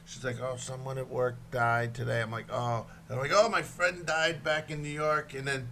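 A man's voice: mid-range voice, fairly even intonation, moderate pace, sharp tone, slight background noise. A man hosting a podcast, telling crude stories in a rambling, casual way full of restarts. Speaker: podcast host and comedian. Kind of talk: casual profane storytelling chat.

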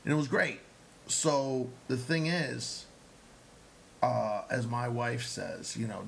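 A man's voice: medium pitch, measured pace, vocal fry, a little hiss or hum, low-quality recording. A man, an actor and comedian, telling a long story in casual chat, acting out the quotes and swearing freely.

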